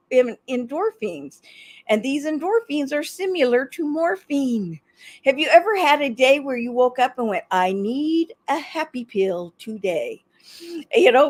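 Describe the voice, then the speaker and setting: A middle-aged woman hosting a motivational talk show, animated and repeating her points for emphasis. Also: high voice. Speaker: host, life coach.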